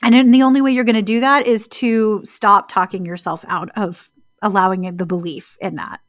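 A woman co-hosting a casual podcast, talking in a reflective, storytelling way and slowing down on key words. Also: mid-range voice, steady tone, dry recording, clean studio sound. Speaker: podcast co-host.

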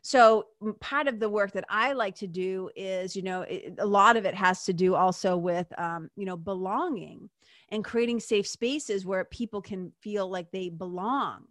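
A woman's voice: mid-range voice, moderate pace, fairly bright tone, no echo, studio quality. A woman hosting a podcast as a spiritual teacher, talking earnestly and conversationally with many fillers and asides, and swearing now and then. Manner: frank, with occasional swearing. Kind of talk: reflective monologue.

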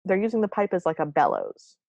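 A woman's voice: lowish voice, huge pitch swings, fast talker, gravelly, a little mellow, dry recording, muffled recording. A woman co-hosting a podcast, recapping a cartoon in a wry, apologetic, casual way. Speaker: podcast co-host.

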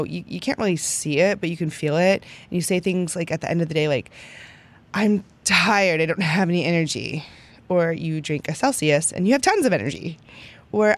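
A young adult woman hosting a podcast, teaching in a chatty, upbeat way and often tagging lines with "right?". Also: fairly low pitch. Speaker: podcast host. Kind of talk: casual teaching monologue.

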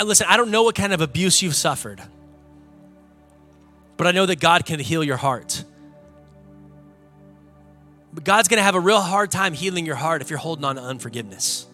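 Bright-voiced man preaching a sermon. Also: on the high side. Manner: earnest, conversational preaching with rising emphasis. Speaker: pastor. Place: church sanctuary.

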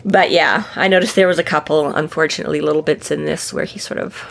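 A woman's voice: sits low, steady tone, fast, gravelly, a little hiss or hum. Swearing, rambling woman podcast host. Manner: swears freely and acts out characters' lines; rambling, with many fillers and restarts. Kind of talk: casual book discussion chat.

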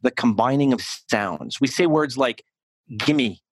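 An American man in a podcast interview, coaching on speech, talking in an animated and emphatic way with frequent restarts. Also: medium pitch, normal speed, no room sound. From United States. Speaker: communication coach, guest.

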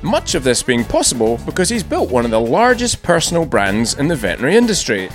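A male podcast host with a lively, swinging delivery and a dry, self-mocking wit. He reads his introduction over faint guitar music, then slips into relaxed, rambling conversation with his guest. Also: medium pitch, fast talker. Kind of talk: scripted intro then casual interview chat. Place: large empty echoing conference room.

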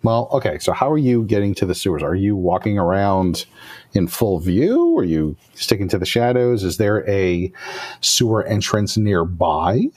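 A deep-voiced man runs a tabletop role-playing game, narrating scenes and asking the players casual questions. His low voice moves up and down freely, and faint music plays behind it. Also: big pitch swings, moderate pace, darkish tone, breathy edge. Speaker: game master.

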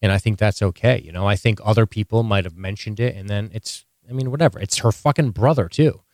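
A man co-hosting a podcast in casual, animated chat, swearing freely and teasing his co-host. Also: on the low side, no echo, clean studio sound. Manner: animated, profane, jokey, quick to tease.

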